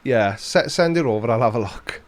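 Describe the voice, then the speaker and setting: A man's voice: mid-range voice, lively intonation, a little fast. A man with a Welsh accent hosting a casual live-stream Q&A, reading out chat questions and answering with dry, sarcastic humour.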